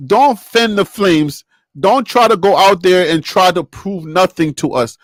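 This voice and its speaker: A man's voice: sits high, unhurried, no echo. A man co-hosting a casual sports talk show, emphatic and laughing often as he lectures.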